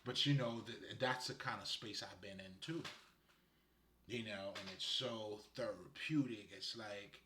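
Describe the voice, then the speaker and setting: A Haitian man offers casual spiritual guidance, laid-back and rambling, laughing often. His fairly low voice is bright and forceful, a little slow, and the recording has roomy echo plus a little hiss or hum.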